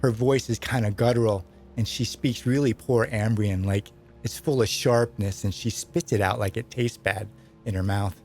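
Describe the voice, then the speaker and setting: A man's voice: on the low side, fairly even intonation, moderate pace, darkish tone, faint music behind. A man narrating as game master of a tabletop role-playing game, describing scenes vividly in a casual way.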